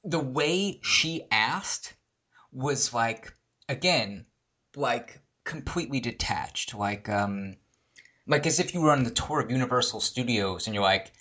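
Bright-voiced man telling a rambling story. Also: medium pitch, a little slow. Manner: animated, swears a lot, acts out quoted people. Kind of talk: casual profane storytelling.

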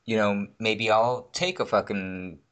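A man with a lowish voice and a bright, forceful tone chats casually in a loose podcast conversation. He rambles and swears freely, piling up asides as he talks. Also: a little slow. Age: adult, married. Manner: profane, rambling, animated storytelling.

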